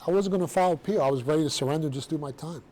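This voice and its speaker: A middle-aged man telling his own story to a room of students in a blunt, streetwise, animated way, with casual slang. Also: a little high, racing. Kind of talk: personal storytelling talk to students.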